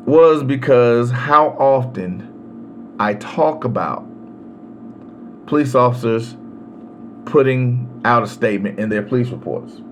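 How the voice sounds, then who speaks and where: A man hosting a podcast, giving a slow, emphatic solo commentary on legal rights with long pauses. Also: medium pitch, highs cut off, a little hiss or hum. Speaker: podcast host.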